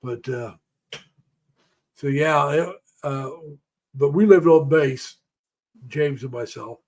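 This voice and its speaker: A man's voice: on the high side, takes it slowly, darkish tone. An older man hosting a casual live stream, telling rambling, folksy stories about the past and greeting viewers by name. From United States.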